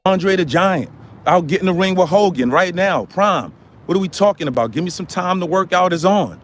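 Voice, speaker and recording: A man puts on a boastful, hot-tempered ranter with a somewhat high voice that lurches between low mutters and sudden yells. He repeats himself constantly and talks in a comedic stream rant. A faint hum of outdoor traffic sits underneath. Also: animated, normal speed. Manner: ranting, repetitive, swinging from mutters to yells. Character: loud boastful ranting man, quick to anger.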